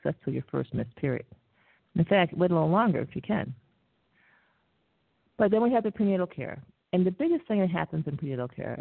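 A woman hosting a talk radio show, lecturing in a measured way with frequent pauses and fillers. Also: on the low side, gravelly, dry recording. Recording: tinny dry phone-line audio.

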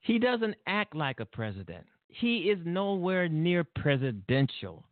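A man's voice: a little high, sing-song, a little slow, no echo. Heated man ranting over a phone line. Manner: heated, profane, rambling with restarts. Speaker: political talk show host. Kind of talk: angry political commentary. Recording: tinny phone-like line, dry.

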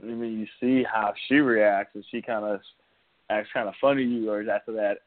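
Man, low voice, rambling casual chat, tinny phone-like sound, dry. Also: fairly even intonation, a little fast, no echo. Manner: rambling, laughs often, many restarts.

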